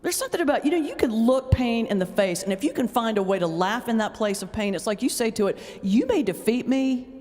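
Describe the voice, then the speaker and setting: A woman pastor giving a humorous talk, telling stories in an animated way with sudden jumps in pitch. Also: fast, few pauses, faint music behind. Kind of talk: humorous lecture storytelling. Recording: long reverb of a large hall.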